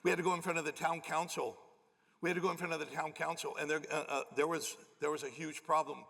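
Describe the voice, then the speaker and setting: A man's voice: fairly high pitch, fast, vocal fry. A middle-aged man preaching a sermon as pastor, telling a story and acting out the people in it. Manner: acts out quoted people with lively shifts. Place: church auditorium. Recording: large hall with long reverb.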